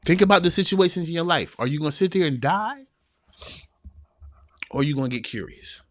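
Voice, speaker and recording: A man's voice: a little high, lively intonation, fairly quick, no room sound, clean studio sound. Earnest man giving a motivational talk. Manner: earnest, preachy, repeats himself for emphasis; folksy, addresses listeners as y'all. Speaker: podcast host.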